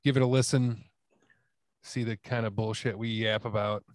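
A man's voice: fairly low pitch, fairly even intonation, moderate pace, no echo, studio quality. Laid-back swearing podcast guest, a man. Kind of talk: casual podcast chat.

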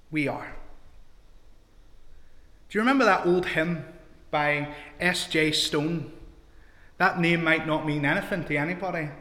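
A man's voice: on the high side, a bit bright, reverberant, in a large hall. A man preaching a sermon to his congregation in a church, talking in a conversational way and asking them questions.

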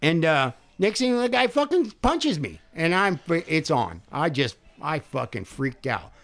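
An older man casually telling a profane, animated story on a podcast, acting out the quotes. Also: fairly high pitch, measured pace.

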